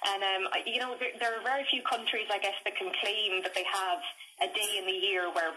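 A woman with an Irish accent, a storyteller chatting as a guest over a phone line on a radio interview, talkative and quick to laugh. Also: medium pitch, steady tone, pushed and bright. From Ireland.

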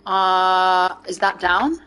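A woman's voice: lowish voice, drawn-out words, sharp tone, clean tone, rough recording. A woman in her thirties with an English accent, chatting playfully while streaming a video game. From England. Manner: playful, trying out silly accents. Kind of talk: casual game stream chat.

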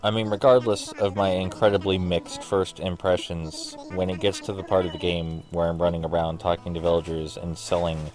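A man's voice: sits low, little pitch movement, normal speed, hardly any pauses, over music. A man casually commentating while playing a video game, rambling, sarcastic and swearing offhandedly. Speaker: gaming streamer. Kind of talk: casual let's play commentary.

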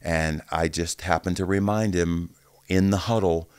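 A man in his sixties, a former pro linebacker, telling locker-room stories in a casual interview, animated and profane. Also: sits low, a little slow, clean tone, no room sound, studio quality. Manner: animated, profane storyteller who acts out quotes.

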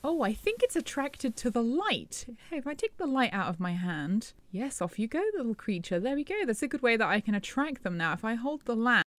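A woman's voice: on the high side, big pitch swings, fairly quick, hardly any pauses, a bit bright, no echo. A woman narrating a Minecraft horror role-play in character, wonder-struck and breathless, slipping into panic. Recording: faint music underneath.

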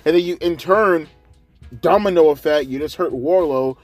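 A man's voice: fairly high pitch, moderate pace, no echo, soft background music. Exasperated, sarcastic man ranting. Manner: sarcastic, exasperated, heavy swearing. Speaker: wrestling show reviewer. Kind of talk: profane ranting review.

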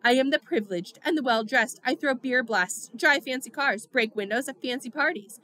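A woman's voice: high voice, moderate pace, bright, forceful tone, no echo. A woman voicing a cocky teenage greaser boy, cheerful and putting on a snobbish voice. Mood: mock snobbish. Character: cocky teen greaser joker, male. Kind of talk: audiobook reading.

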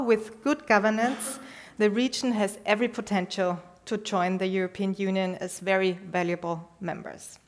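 A woman, moderating a formal event in a measured, formal way. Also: mid-range voice.

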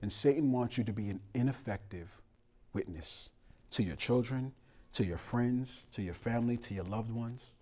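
A man's voice: medium pitch, normal speed. A man preaching a sermon as pastor, telling funny family stories in a casual, colloquial way and talking straight to the congregation. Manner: animated, joking storytelling with a casual, colloquial delivery; talks directly to the congregation.

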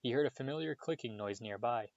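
A man reads a novel aloud in a steady, unhurried storytelling voice, stumbling over a word now and then. His voice sits at an ordinary middle pitch. The recording is close and dry with a dull, muffled top. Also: no room sound. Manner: steady storytelling with small slips. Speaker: audiobook reader.

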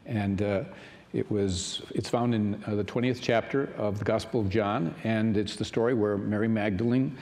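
In a large church sanctuary with long hall reverb, a male pastor retells a scripture story as a loose, conversational sermon. His fairly low voice is steady and slightly mellow at normal speed, full of fillers and asides.

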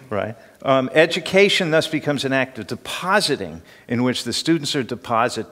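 A man's voice: medium pitch, a bit bright. Older man lecturing in a reverberant hall. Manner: conversational, asks the room questions, chuckles. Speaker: teacher. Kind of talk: informal lecture to a class.

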